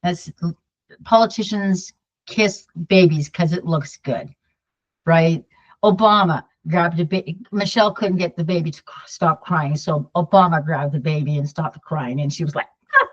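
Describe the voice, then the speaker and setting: A woman's voice: low voice, normal speed. An older woman from Canada chatting casually to her viewers, wandering off on side points and repeating herself. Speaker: political vlogger. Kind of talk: casual talk to camera. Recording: dull lo-fi sound.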